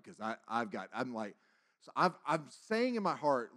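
A man preaching a testimony as a sermon, telling his story with acted-out dialogue and big swings between loud and hushed. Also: a little high, animated, moderate pace.

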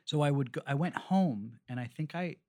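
A man's voice: on the high side, moderate pace, dark tone. A man in his forties, a restaurateur from Canada, telling long rambling stories in a casual interview, with plenty of fillers and restarts. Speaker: restaurateur guest.

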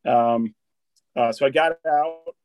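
A man's voice: mid-range voice, takes it slowly, darkish tone, dry recording. A man in his thirties, a military veteran from Wisconsin, telling a long story in casual conversation, rambling and swearing often with lots of restarts. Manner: rambling, swears freely, repeats and restarts words, says dude and bro.

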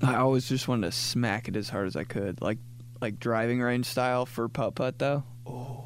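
A man's voice: medium pitch, steady tone, normal speed, a little hiss or hum. A man in his late twenties riffing casually in a comedic monologue, rambling with lots of filler words and restarts. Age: late 20s. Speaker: podcast host.

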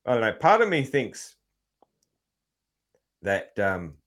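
A man's voice: medium pitch, very animated, takes it slowly, a bit bright. A man with an Australian accent hosting a casual podcast chat, rambling with lots of ums and freely swearing. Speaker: podcast host.

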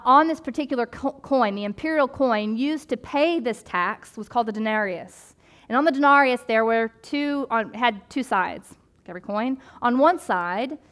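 A woman pastor giving a sermon in a conversational, animated way, with casual asides and playful voices for the people she describes. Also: fairly high pitch, moderate pace.

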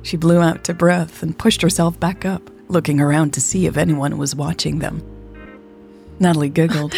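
A woman narrating a serialized romance story in a soft, unhurried reading voice. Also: deep voice, steady tone, gravelly, faint music behind. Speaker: podcast storyteller.

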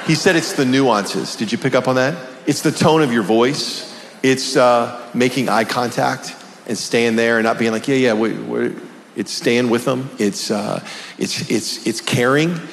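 Male host, gravelly, mid-pitched, emphatic, in a reverberant room. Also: measured pace, slight background noise. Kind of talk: conversational podcast hosting.

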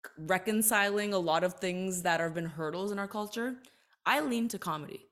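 A woman's voice: mid-range voice, fairly bright tone. A woman in her thirties speaking earnestly and reflectively as a podcast interview guest. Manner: earnest, reflective, quick to emphasize. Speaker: guest, entertainer and author.

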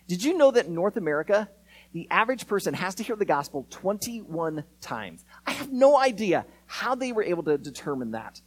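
A man's voice: sits high, poor audio. A man preaching a sermon as a pastor, speaking to kids and adults and acting out quoted voices. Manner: animated, acts out quoted voices.

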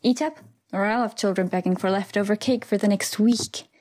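A woman voicing a warm mother figure who gently scolds and fusses over her guests. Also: medium pitch, a little fast, natural voice. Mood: fond. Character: warm, fond mother of a busy household.

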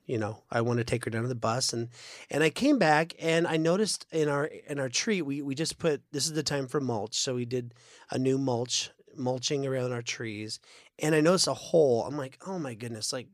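A man hosting a church podcast, telling stories in a casual chat with lively, animated delivery and quick restarts. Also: medium pitch, dry recording, studio quality. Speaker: podcast host.

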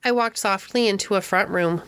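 A woman narrating a classic novel as an audiobook in a clear, steady storytelling voice. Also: mid-range voice, normal speed, a little hiss or hum.

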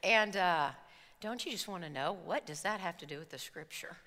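A woman preacher telling an animated personal story in a sermon, acting out the scenes before turning to scripture. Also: fairly low pitch, moderate pace. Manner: animated storytelling, acts out screams and quotes. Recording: reverberant hall.

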